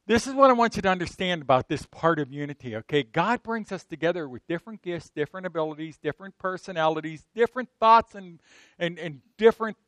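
Middle-aged guy pastor preaching, kinda high voice, loud then soft asides, keeps asking the room questions, dry sound. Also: fast, no echo. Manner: conversational, lively swings from loud emphatic to soft asides; asks the congregation frequent rhetorical questions. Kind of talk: sermon.

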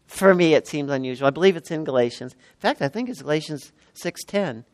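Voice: mid-range voice, lively intonation, brisk, no echo. A preacher in their sixties delivering a sermon, stressing and repeating key words with frequent exclamations. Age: 60s.

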